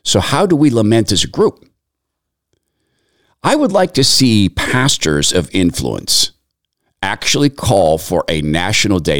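A man's voice: medium pitch, no room sound, clean studio sound. A man giving sermon-like commentary in an earnest tone, reciting scripture in long lists. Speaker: Christian commentator.

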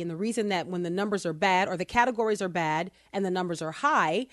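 A woman hosting a podcast, talking through survey data with sarcastic asides, speeding up and then slowing down for emphasis. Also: medium pitch, dry recording, clean studio sound. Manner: animated, sarcastic asides, quick bursts then slow emphasis. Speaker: podcast host. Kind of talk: casual opinion podcast talk.

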